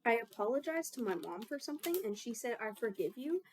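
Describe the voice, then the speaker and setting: A woman's voice: a little high, big pitch swings, fairly quick, a little hiss or hum. Rambling, self-mocking young woman baking. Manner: chatty, self-mocking, swears freely. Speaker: baking vlogger. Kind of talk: casual rambling chat while baking.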